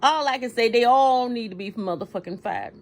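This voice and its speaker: A woman's voice: a little high, fairly quick, poor audio. A tired woman in a personal vlog rant, outspoken, heated and profane, talking in her kitchen late at night. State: tired and sleepy. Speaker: vlogger.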